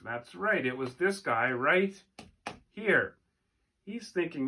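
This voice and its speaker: A man telling a folk tale for children and then asking his listeners gentle questions, with animated, expressive delivery. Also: high voice, a little slow, breathy edge. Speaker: storyteller. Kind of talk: storytelling for children.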